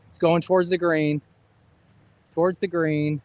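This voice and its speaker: A man's voice: on the high side, little pitch movement, a little slow, darkish tone, no room sound. Man talking through his golf shots. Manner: thinks aloud through each shot. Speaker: golfer and co-host. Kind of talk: casual livestream chat. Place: outdoor golf course in rain.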